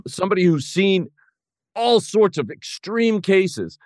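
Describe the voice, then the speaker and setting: A man's voice: high voice, sing-song, unhurried, no room sound, clean studio sound. A man hosting an interview, reflecting at length on what the guest just told him. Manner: thoughtful, reflective asides. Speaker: podcast host. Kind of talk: interview talk.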